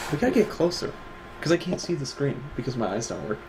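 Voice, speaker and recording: A man's voice: on the high side, big pitch swings, fast talker, background noise. A young man co-hosting a stream from a desk at home, chatting casually, joking and laughing often. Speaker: co-host of an awards stream.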